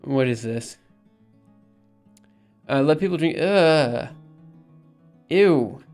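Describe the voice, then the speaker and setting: A man's voice: fairly high pitch, expressive, extremely slow, a little mellow, faint music behind. A young man rambling in casual live-stream chat, reading messages aloud and repeatedly insisting things are fine. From United States. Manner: rambling, reads chat aloud, exasperated but reassuring.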